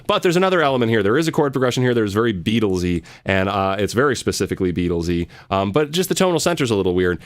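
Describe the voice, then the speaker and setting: A man teaching a live online music lesson, answering viewer questions in a chatty, rambling way with many fillers. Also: medium pitch. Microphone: close studio mic.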